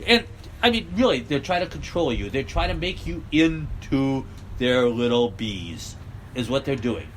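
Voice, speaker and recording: Heated rambling man, lively pitch. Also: a little slow, noisy background. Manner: blunt, heated, rambling, sarcastic. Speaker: political vlogger. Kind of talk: rambling rant.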